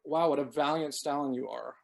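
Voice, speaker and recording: A man's voice: medium pitch, a little fast, creaky, close to an everyday voice. A man reading aloud, voicing a cornered, bitter woman who lashes out sarcastically. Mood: sarcastic fury. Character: furious sobbing woman, cornered.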